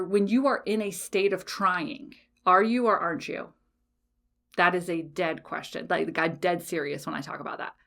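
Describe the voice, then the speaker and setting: A woman's voice: on the low side, gravelly, a bit bright. A woman hosting a solo podcast, talking frankly and casually, swearing freely and often checking in with "okay?". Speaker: podcast host.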